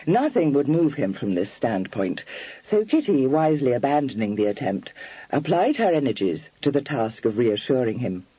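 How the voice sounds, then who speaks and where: A man narrating a novel in a measured, expressive reading. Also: medium pitch, slightly rough, no echo, dull audio. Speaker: audiobook narrator. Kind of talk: scripted narration.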